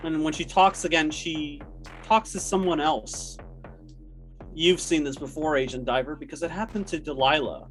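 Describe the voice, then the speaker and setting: A man's voice: on the high side, moderate pace, fairly bright tone, faint music behind. A man narrating a tabletop horror game as game master, with frequent hesitant fillers.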